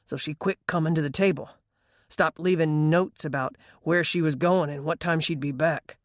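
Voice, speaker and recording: A woman reads a gruff, tired working father in an audiobook, rumbling and grumbling with a hesitant, rough edge. The read is dry and close, in a lower voice. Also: fairly even intonation, normal speed, no echo, lightly acted.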